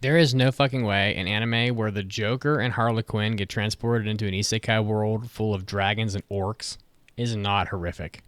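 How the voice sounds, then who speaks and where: A man's voice: lowish voice, fairly even intonation, normal speed, fairly bright tone, no echo. A man co-hosting a podcast, chatting casually, blunt and swearing often. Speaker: podcast co-host. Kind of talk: casual chat.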